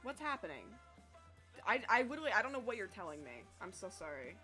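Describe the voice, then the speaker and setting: A young woman chats with her stream audience as she works on a drawing. Her voice sits at an ordinary middle pitch, loose and talkative, with self-mocking asides and casual swearing. Faint music plays underneath. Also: big pitch swings, fast, pushed and bright. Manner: chatty, self-deprecating, swears freely. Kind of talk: casual livestream chat while reading chat.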